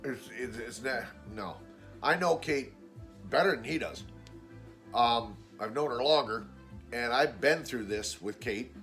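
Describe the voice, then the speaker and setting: A man's voice: measured pace, fairly bright tone, faint music behind. A man telling a story in a casual vlog, blunt and exasperated, swearing freely and acting out what other people said. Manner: acts out quoted people with raised pitch. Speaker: vlogger.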